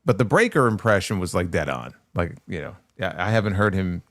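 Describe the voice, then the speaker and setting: Low-voiced man chatting with hesitations. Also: animated, brisk, fairly bright tone, no room sound, studio quality. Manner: hesitant, many fillers and restarts while explaining. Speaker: podcast co-host. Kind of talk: casual wrestling talk.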